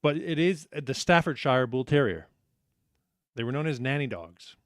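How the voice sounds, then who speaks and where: A man's voice: mid-range voice, expressive, normal speed, no echo, studio quality. A man hosting a live trivia night, upbeat and joking, reading out questions and answers and teasing the players. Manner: upbeat, joking, self-deprecating.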